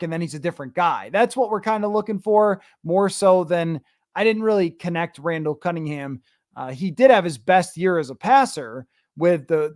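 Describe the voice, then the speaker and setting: A podcast host with a fairly high male voice runs a sports podcast in a loose, conversational style, reading viewer comments aloud and answering them with opinionated asides. The recording is dry and close, with no room echo.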